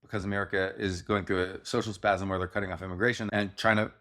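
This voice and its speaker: A man from Texas with a faint Texan accent, his voice sitting low. He hosts a podcast in a loose, joking way, tossing in asides as he talks through ideas. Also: level tone, a bit bright. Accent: slight Texan. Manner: joking, riffing, quick asides. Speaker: podcast host. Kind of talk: casual chat.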